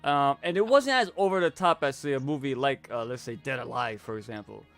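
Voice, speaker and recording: A man's voice: medium pitch, fairly quick, a bit bright, faint music behind. A man co-hosting a live horror movie review, talking casually and rambling with many restarts. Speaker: co-host of a horror review show.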